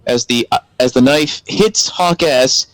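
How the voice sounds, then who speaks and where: A man's voice: medium pitch, a little slow, a bit bright, no echo, faint music behind, rough recording. A man playing a tabletop game, explaining his spell and its rules step by step. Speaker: player. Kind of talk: casual tabletop game play.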